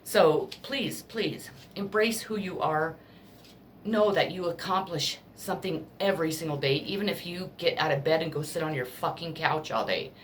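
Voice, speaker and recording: Earnest low-voiced woman giving a pep talk. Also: moderate pace, a little hiss or hum. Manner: earnest, emotional and blunt, with swearing. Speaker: tarot card reader. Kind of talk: casual spiritual pep talk.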